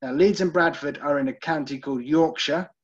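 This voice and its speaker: Husky British man guiding a tour. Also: fairly high pitch, a little fast, highs cut off. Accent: British English. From United Kingdom. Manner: chatty, checks in with listeners, frequent ums. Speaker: virtual tour guide. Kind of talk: live online literary tour talk with poem readings.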